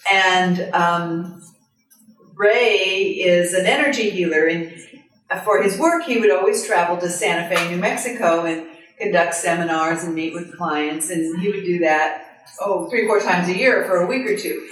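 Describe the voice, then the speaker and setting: A woman's voice: fairly low pitch, unhurried. A woman and former caretaker telling anecdotes to a small group, acting out the voices of the people in her stories. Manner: lively storyteller who acts out other people's lines with laughs. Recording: very echoey room, mic far off.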